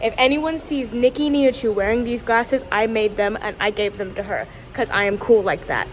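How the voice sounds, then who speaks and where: A woman casually vlogging to camera from her phone, excitable and playful, swearing now and then. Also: fairly high pitch, normal speed, noisy background. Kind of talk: casual vlog chatter to camera. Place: stores, streets and a theme-park district.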